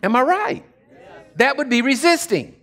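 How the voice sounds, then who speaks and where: A man preaching a folksy, animated sermon as pastor of a church. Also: very high voice, moderate pace. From Texas.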